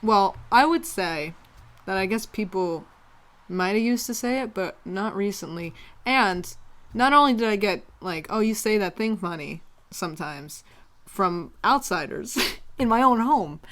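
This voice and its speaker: A woman from Pennsylvania, a podcast guest in casual chat, animated and quick to laugh, often searching for words. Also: medium pitch.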